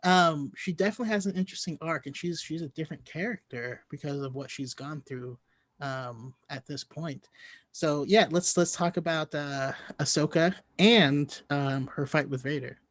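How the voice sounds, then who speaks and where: A man's voice: fairly high pitch, moderate pace, fairly bright tone, dry recording. A man hosting a podcast in casual chat, talking with enthusiasm and laughing easily. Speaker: podcast host.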